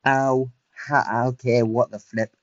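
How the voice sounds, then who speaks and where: A young man, chatting casually and excitably through a livestreamed game, self-mocking and full of fillers. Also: medium pitch, takes it slowly, dry recording, highs cut off. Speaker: streamer. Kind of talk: casual livestream gameplay commentary.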